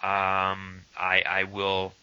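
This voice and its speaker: A man's voice: deep voice, monotone, extremely slow, bright, forceful tone, clear, resonant tone, dry recording. A man co-hosting a casual chat, hesitant and full of fillers but enthusiastic. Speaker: podcast co-host. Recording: dull lo-fi sound.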